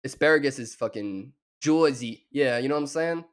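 Speaking at a moderate pace in a mid-range voice, a young man from the American South with a Southern accent reacts to a show as a streamer. His commentary is profane, crude, mocking, and rambling.

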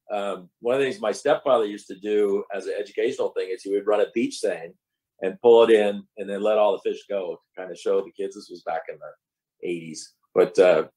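A man's voice: lowish voice, dark tone, low-quality recording. A man on a panel chatting conversationally, explaining his point at length. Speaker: crew member. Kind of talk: casual panel chat.

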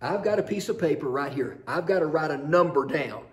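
A man's voice: fairly high pitch, expressive, brisk, lightly acted. A man voicing a flustered, impatient census taker who demands a number, in a chapel. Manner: clipped, impatient, drawn out.

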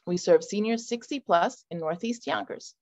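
A woman's voice: mid-range voice, moderate pace, darkish tone. A woman program director giving a short, businesslike introduction to a community class. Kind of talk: scripted introduction.

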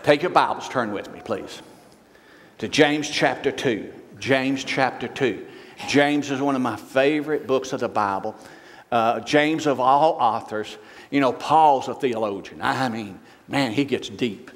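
A man gives a sermon as guest preacher in a church. His talk is folksy, full of joking asides, and he reads scripture aloud in a raised voice. His mid-pitched voice rings with a long church reverb. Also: measured pace, slight background noise. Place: church sanctuary.

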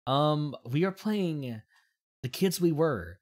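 A woman's voice: low voice, lively intonation, takes it slowly, a little mellow. A young woman streaming a game, chatting casually and explaining the story in a rambling way. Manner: chatty, rambling, reads game text aloud.

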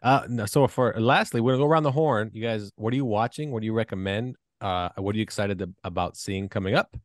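A man's voice: lowish voice, fast talker, no echo, studio quality. A man hosting a podcast in casual chat, crude and joking as he leads the segments. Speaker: podcast host.

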